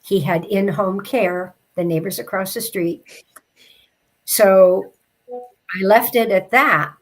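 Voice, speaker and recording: This woman speaks at a medium pitch while recounting something personal during an interview. She comes across as reflective and sincere, easing her pace as the story becomes emotional.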